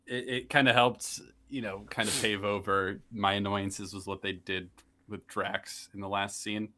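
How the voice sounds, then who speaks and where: A man's voice: on the low side, little pitch movement, a little slow, pushed and bright. A man in a casual movie review chat, thoughtfully explaining his reactions at length. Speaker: podcast guest.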